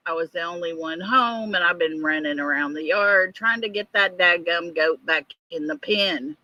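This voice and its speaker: A woman's voice: fairly low pitch, moderate pace, few pauses, bright, forceful tone, no room sound, lo-fi sound. A woman hosting a casual livestream, out of breath and chatty as she greets viewers by name. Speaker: livestream host.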